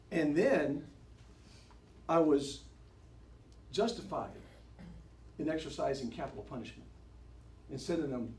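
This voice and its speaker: A man playing a candid, repentant first-century former persecutor in a conversational first-person monologue for a church class. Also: high voice. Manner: conversational, addresses the audience directly, folksy asides. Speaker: actor portraying a biblical figure for a church class. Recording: roomy, distant recording with background noise.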